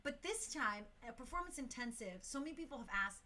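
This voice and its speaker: An enthusiastic young woman hosts a casual talk show and rattles through announcements. Her voice is bright and a little high, and her talk is loose and full of slang and fillers. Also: animated, brisk, hardly any pauses, slight background noise. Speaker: talk show host for a dance crew.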